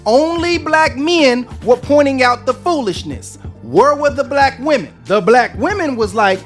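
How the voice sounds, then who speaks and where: A man's voice: extremely high pitch, animated, measured pace, few pauses, fairly bright tone, faint music behind. A man hosting a commentary video, lecturing the listener in a preachy tone. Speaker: commentary host. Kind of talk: opinion commentary.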